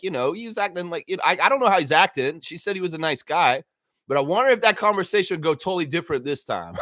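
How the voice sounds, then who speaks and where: A man with a fairly high voice hosts a laid-back daily livestream for fans. He talks excitedly, curses, and performs snippets of dialogue.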